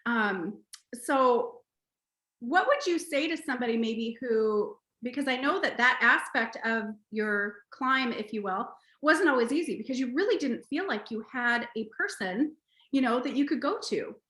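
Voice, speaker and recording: Bright-voiced gushing woman hosting a video call. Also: on the high side, expressive, moderate pace, echoey room. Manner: gushing, effusive, tearful at times. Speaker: host of a team video call. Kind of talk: emotional team recognition chat.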